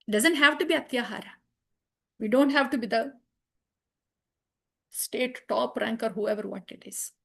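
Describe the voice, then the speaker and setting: A woman's voice: fairly high pitch, moderate pace, vocal fry, long pauses. A woman teaching a children's scripture class, chanting verses and repeating her points earnestly. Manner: earnest, repeats phrases, asks the class questions. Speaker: Bhagavad Gita teacher for children.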